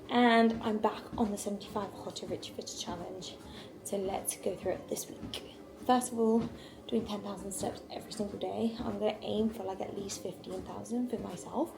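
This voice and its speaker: A woman's voice: medium pitch, gravelly, noisy background. A woman vlogging casually at home while walking on a walking pad, chatty and rambling, on a small wireless mic. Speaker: lifestyle vlogger. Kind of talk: casual vlog chat to camera.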